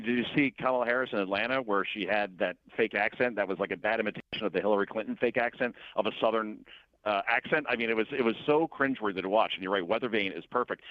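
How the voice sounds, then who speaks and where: Fast-talking, animated male radio guest. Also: fairly low pitch, no echo, lo-fi sound. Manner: rapid, animated, opinionated. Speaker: guest columnist. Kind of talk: talk radio interview.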